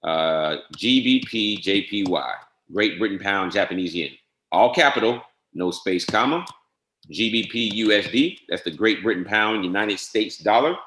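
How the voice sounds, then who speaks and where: Methodical man walking through software setup. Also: lowish voice, lively intonation, moderate pace, roomy sound, slight background noise. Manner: methodical, spells out each entry step by step; casual, drops frequent "all right?" check-ins. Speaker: software trainer. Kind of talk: screen-share software walkthrough.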